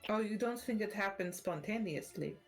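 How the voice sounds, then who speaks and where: A woman's voice: medium pitch, normal speed, soft background music. A woman playing a tabletop role-playing game, asking the game master eager questions in casual chat. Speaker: player.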